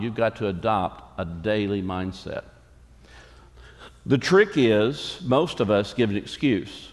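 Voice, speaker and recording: A man's voice: lowish voice, takes it slowly. A middle-aged man, a pastor, preaching a sermon with emphatic repeated phrases and quoted asides. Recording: long reverb of a large hall.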